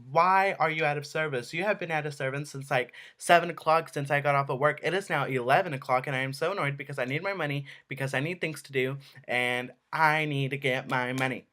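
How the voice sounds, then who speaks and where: A man's voice: medium pitch, a bit bright. A young man ranting in an exasperated vlog, swearing and saying "like" a lot. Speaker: vlogger.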